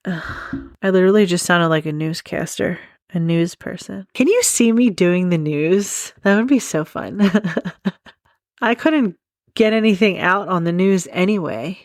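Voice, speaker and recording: A woman's voice: fairly low pitch, a little slow, no room sound, clean studio sound. A young woman hosting a casual true crime podcast, rambling off on tangents and laughing often. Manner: rambling, giggly, goes off on tangents. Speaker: podcast host.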